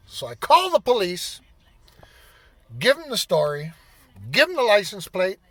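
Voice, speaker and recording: A man in his fifties tells a rambling story and swears freely. His voice sits high for a man, and it is bright and swings widely in pitch. The sound is dry and close, with no room echo. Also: huge pitch swings, unhurried, long pauses. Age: 50s. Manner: profane, rambling anecdote-teller. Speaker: vlogger. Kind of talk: casual storytelling.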